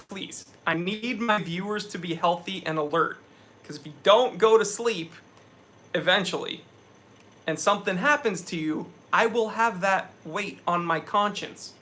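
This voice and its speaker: Young man, live stream host, bright high voice, energetic, reads chat aloud, sweaty after a hike.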